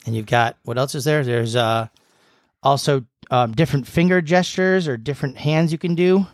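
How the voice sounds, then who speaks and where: A man's voice: medium pitch, normal speed, dry recording, clean studio sound. A man co-hosting a podcast in casual, playful chat with a friend, showing off gifts. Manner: playful, teasing. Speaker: podcast co-host.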